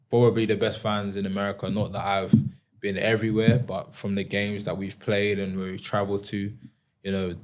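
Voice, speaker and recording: Low-voiced young man chatting. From England. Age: 20s. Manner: relaxed, animated storytelling with many fillers. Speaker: guest, former rugby player. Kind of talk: casual interview chat.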